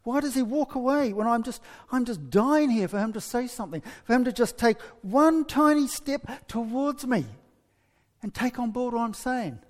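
A man's voice: very high voice, normal speed, big-room sound, voice pushed up. A man voicing a chatty young woman, first smitten and later exasperated with her husband.

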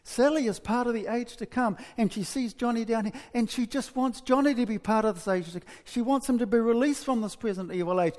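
A man's voice: very high-pitched, a little fast, hardly any pauses, darkish tone, long reverb tail. A man in his sixties preaching a sermon in a conversational, wry, storytelling way.

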